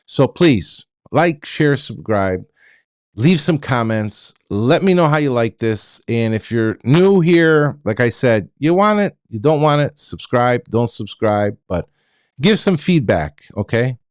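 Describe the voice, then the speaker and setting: Blunt ranting man, lively pitch. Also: takes it slowly, no echo, clean studio sound. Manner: blunt, repetitive, stammering restarts. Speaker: trucking show host. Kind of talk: ranting monologue to viewers.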